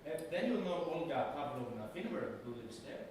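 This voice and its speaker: A man's voice: fairly high pitch, very animated, moderate pace, darkish tone, slight background noise. A man playing an eager friend who is angling for a favor in a stage comedy. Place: theatre stage. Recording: echoey stage recording from far off.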